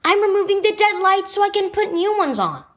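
A woman's voice: very high voice, sing-song, fairly quick, voice pushed up. A woman voicing an irritated girl in a storybook reading, huffy and exasperated. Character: irritated older sister, a kid.

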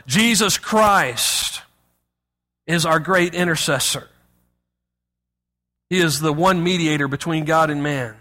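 A man preaching a sermon as pastor, reading scripture aloud and speaking with expressive emphasis. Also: on the high side, a little slow, long reverb tail.

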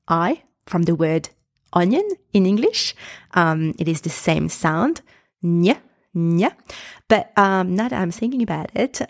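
A woman hosts a pronunciation podcast, talking slowly and patiently. Her voice sits slightly low, and she repeats each sound so listeners can follow. The recording is close and dry, with no room sound. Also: dry recording. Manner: slow, careful, repeats sounds for the listener to copy. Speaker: podcast host and pronunciation teacher.

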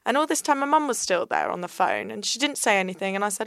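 A young woman tells her own story on a podcast, candid and earnest. Her voice is smooth and resonant but has a gravelly fry underneath. The sound is dry and close. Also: on the high side, lively intonation, fast talker, a bit bright, no room sound. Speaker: guest. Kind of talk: personal storytelling in a podcast interview.

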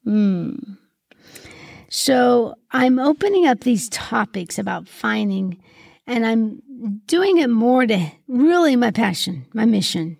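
A middle-aged woman hosting a reflective Christian podcast, asking gentle questions in an earnest way, sometimes choked up with grief. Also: fairly high pitch, gravelly, no room sound, clean studio sound. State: grieving, occasionally choked up. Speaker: podcast host and Christian mentor. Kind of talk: reflective solo podcast monologue.

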